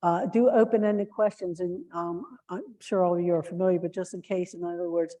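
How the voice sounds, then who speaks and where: A woman's voice: lowish voice, steady tone, fairly quick, mellow. A woman giving earnest training to shelter volunteers, with plenty of fillers and restarts. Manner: acts out example phrases in a lifted voice.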